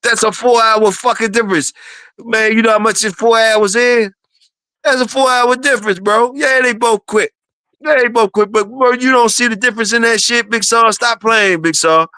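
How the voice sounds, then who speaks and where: A man's voice: extremely high pitch, normal speed, pushed and bright, clear, resonant tone, dry recording. A man in a casual streamed talk, teasing others with profane banter and repeating their names for emphasis.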